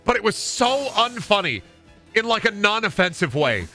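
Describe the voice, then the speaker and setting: A man's voice: sits high, very animated, moderate pace, bright, forceful tone, faint music behind. A man streaming a game, chatting to his audience in a rambling, exaggerated way. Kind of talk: casual live-stream chat.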